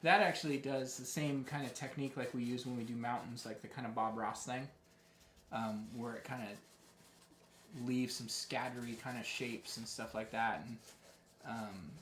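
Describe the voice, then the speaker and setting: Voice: medium pitch, fairly even intonation, normal speed, a bit bright, a little hiss or hum. A painting instructor teaching a live tutorial in a chatty, encouraging way, often restarting sentences. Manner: chatty, self-correcting, encouraging. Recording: roomy, echoey room.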